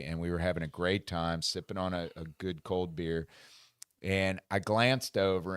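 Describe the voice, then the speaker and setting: An American man hosting a casual podcast, telling a funny travel story and reading trivia questions, animated and laughing often. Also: low voice, smooth, no echo, studio quality. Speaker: podcast host. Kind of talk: casual chat and trivia quizzing. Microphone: studio microphone.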